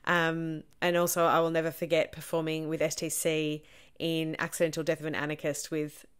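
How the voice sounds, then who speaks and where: A woman's voice: sits low, level tone, moderate pace, clear, resonant tone. A woman actor, answering questions in a chatty, self-deprecating way with lots of ums. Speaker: stage actor. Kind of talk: casual Q&A answers to camera.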